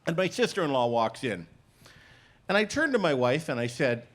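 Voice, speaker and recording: Animated stand-up comedian. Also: male voice, on the high side, moderate pace. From Canada. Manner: playful, deadpan punchlines, acts out both sides of dialogue. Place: comedy stage before a live audience.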